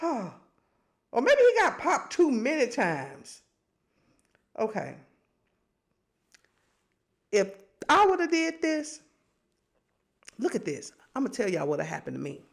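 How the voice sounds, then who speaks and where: Woman podcast host, sassy and laughing, bit high, swings all over in pitch. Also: slow pace, gravelly, pauses often. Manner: animated, sassy, laughing often. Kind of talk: casual chat.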